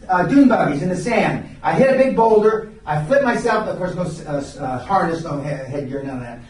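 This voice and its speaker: An older man speaks with a fairly high voice, telling blunt, profane stories to a seminar room and often breaking off to restart his sentences. He is captured from a distance, and the room's strong echo rings around every line. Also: expressive, a little fast, hardly any pauses, darkish tone, some chatter behind. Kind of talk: live seminar storytelling. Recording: very echoey room, recorded from far off.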